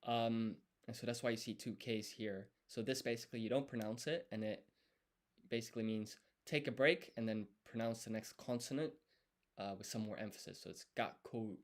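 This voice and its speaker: A man works through a study session out loud, explaining each step as he writes. His pitch sits in an ordinary middle range, and he talks deliberately, stopping often to correct himself. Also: fairly even intonation. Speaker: language learner streaming his study. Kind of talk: thinking-aloud study session.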